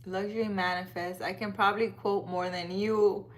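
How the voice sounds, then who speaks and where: A woman with a medium-pitched, flat voice speaks at a moderate pace. She's a tarot reader livestreaming outdoors in a park at night, chatting casually, reading viewer comments aloud, addressing viewers by name and laughing often.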